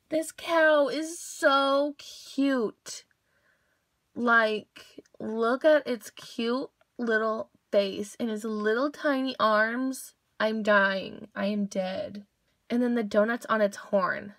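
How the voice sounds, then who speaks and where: A woman's voice: on the high side, takes it slowly, a bit bright, a little hiss or hum. A young woman hosting a casual toy unboxing video, gushing over each cute toy with gasps and squeals.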